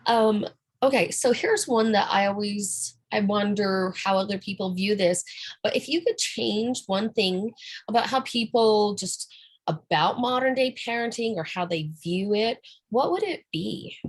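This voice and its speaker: Give me a woman podcast host with a husky, breathy voice, friendly and affirming. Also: medium pitch, unhurried. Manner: warm, affirming, brief replies. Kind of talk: casual interview talk.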